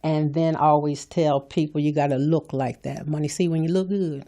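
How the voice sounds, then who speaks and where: A woman's voice: deep voice, steady tone, moderate pace, warm tone. A middle-aged woman hosting a motivational podcast, talking in an emphatic, preachy way and repeating her points. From California. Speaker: podcast host. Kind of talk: motivational talk.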